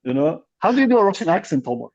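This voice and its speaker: A man's voice: a little high, big pitch swings, rapid-fire, darkish tone, breathy edge. A man co-hosting a podcast in casual chat, rambling with many restarts and fillers. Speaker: podcast co-host, comedian. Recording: dull lo-fi sound.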